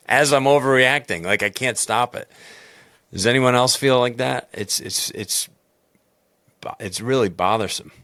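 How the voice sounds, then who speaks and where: A man, a baseball coach and podcast host, talking candidly and in a rambling, self-critical way in a loud booming voice. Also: unhurried, long pauses, dry recording, clean studio sound. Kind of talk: personal reflective podcast talk.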